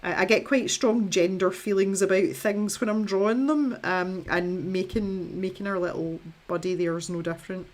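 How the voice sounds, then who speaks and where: A woman's voice: medium pitch, fairly even intonation, moderate pace, few pauses. A young woman chatting in a rambling, self-deprecating way while she paints on a live stream, laughing often. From Scotland. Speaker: art streamer.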